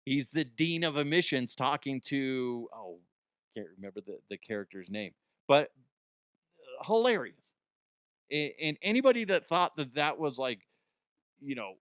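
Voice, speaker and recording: A man's voice: mid-range voice, sing-song, moderate pace, long pauses, smooth, no echo, clean studio sound. A man hosting a comedy news show, rambling in a jokey, self-interrupting way. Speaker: podcast host. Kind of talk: casual comedic commentary.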